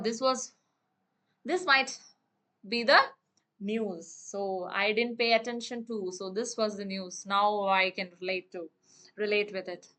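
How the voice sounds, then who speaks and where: A woman's voice: fairly high pitch, pushed and bright. A young woman, a teacher reading a story aloud and explaining it line by line, with many fillers and restarts. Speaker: English teacher.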